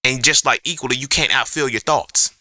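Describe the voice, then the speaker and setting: A man's voice: medium pitch, a little fast, bright, forceful tone, dry recording, studio quality. A man hosting a podcast alone, ranting in a profane, emphatic way and throwing out rhetorical questions in an unscripted monologue. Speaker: podcast host.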